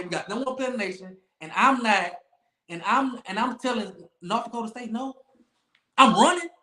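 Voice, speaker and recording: A podcast host runs an animated sports talk livestream, his fairly high, pushed, bright voice swinging widely as he hammers his points. He repeats phrases and talks noise with big emphasis, all in a roomy echo.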